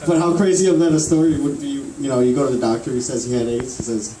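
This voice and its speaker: A man's voice: fairly high pitch, fairly quick, background noise. A man in his twenties doing a rambling, profane stand-up set at an open mic, chuckling at his own jokes. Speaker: stand-up comedian. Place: small bar open mic. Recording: echoey room, far mic, crowd laughter. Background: audience laughing.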